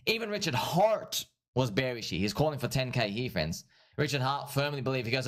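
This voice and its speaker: A man hosting a casual livestream, talking through crypto price charts in an excitable, repetitive way and often calling his audience friends. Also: medium pitch, quick pace. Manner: laughs at his own points. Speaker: livestream host and crypto trader.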